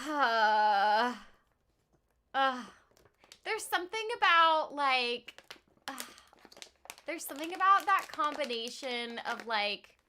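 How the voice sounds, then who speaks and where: A woman's voice: sits high, very animated, takes it slowly, long pauses, bright, forceful tone, a little hiss or hum. A young woman live-streaming a game in casual chat, teary and near crying, laughing and sighing between her words. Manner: emotional, tearful, laughing between sentences.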